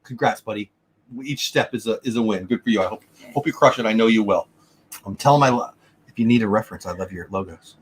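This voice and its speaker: A man's voice: lowish voice, quick pace, a little hiss or hum. A man hosting a casual livestream from home, chatting enthusiastically and answering viewer comments. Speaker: livestream host. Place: home room. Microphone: desk mic.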